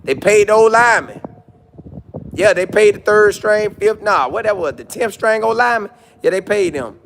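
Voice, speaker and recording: A man's voice: high voice, moderate pace, creaky, a little hiss or hum. A man chatting casually on a live stream, reading comments and riffing with jokes and repeated lines. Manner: animated, jokey, repeats lines, mock voices.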